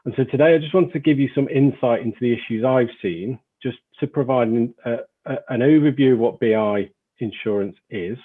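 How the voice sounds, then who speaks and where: A man with a Northern English accent presenting as an insurance lawyer in a webinar, measured and explanatory. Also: mid-range voice, slightly rough, phone-quality sound.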